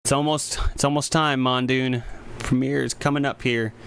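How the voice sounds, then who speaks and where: A man's voice: medium pitch, fairly even intonation, normal speed, creaky, fairly bright tone, a little hiss or hum. A man, a composer streaming live, chatting casually and rambling with many restarts. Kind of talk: casual livestream chat. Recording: music playing behind the voice. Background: music.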